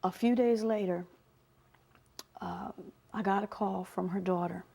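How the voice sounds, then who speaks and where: A woman sharing deeply personal stories as an interview guest. Her voice sits at a middle pitch, lively and expressive, and she laughs easily between lines. At the tender parts she sinks to a soft, breathy hush. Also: a little slow. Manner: animated storyteller who drops to a soft hush for tender moments; laughs often while telling stories. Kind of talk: heartfelt personal storytelling in an interview.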